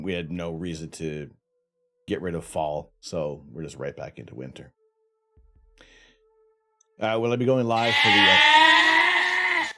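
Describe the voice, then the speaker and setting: A man hosting a casual astronomy livestream from home, joking and laughing as he chats with viewers. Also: sits low. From Canada.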